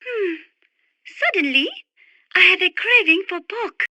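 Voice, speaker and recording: A soft-spoken French birdwatcher. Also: female voice, very high voice, expressive, measured pace, dry recording, full character voice. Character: refined young French woman birdwatcher, gentle and dreamy. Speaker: radio support character. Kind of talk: game radio dialogue.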